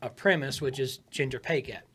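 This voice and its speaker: A man in casual podcast talk, coaching comedy writing in an emphatic, animated way, shifting his tone for effect. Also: medium pitch, moderate pace, slightly rough. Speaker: comedian giving writing advice.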